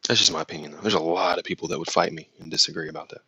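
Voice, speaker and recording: Male host with a slight Southern drawl, low and gravelly, reading chat comments and chatting loosely. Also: fairly even intonation, very fast, pushed and bright, no echo, low-quality recording. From United States. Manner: rambling, reads viewer comments aloud then reacts. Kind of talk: casual chat.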